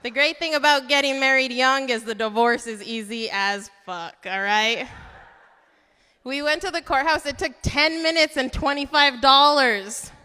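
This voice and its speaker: A woman's voice: sits high, measured pace, pushed and bright, clean tone. A young woman in her twenties doing a stand-up comedy set, brash with crude punchlines. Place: comedy club stage. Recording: reverberant comedy club hall.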